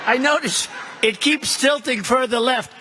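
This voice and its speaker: High-pitched boastful rambling man at a podium. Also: measured pace, heavy background noise. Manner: rambling, boastful, repetitive, mocking. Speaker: political candidate at a rally. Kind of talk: off-the-cuff rally speech. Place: stage at a political event.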